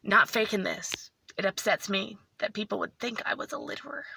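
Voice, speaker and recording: A woman vlogger telling a story in a casual, animated way, tearful and emotional. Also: mid-range voice, normal speed, creaky, slight background noise.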